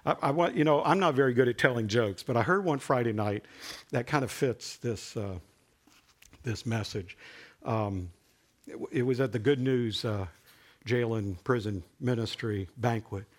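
A man preaching a sermon in a conversational, animated way, building to emphatic peaks. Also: mid-range voice, normal speed.

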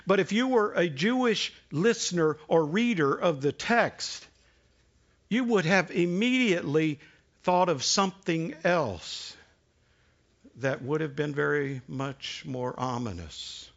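A man preaching a sermon in a conversational way, asking the congregation questions and dropping to a hush for emphasis. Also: a little high, animated, takes it slowly, gravelly, dull audio. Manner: conversational preaching, rhetorical questions, dramatic hushed drops. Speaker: pastor.

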